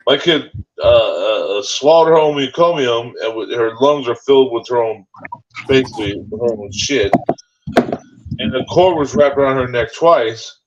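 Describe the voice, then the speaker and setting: A man talks in a relaxed, conversational way, going back over his words as the feeling builds. His voice has a middling pitch and comes through a slightly dull recording with a faint hiss under it. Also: moderate pace. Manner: emotional storytelling, repeats words. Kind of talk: casual chat.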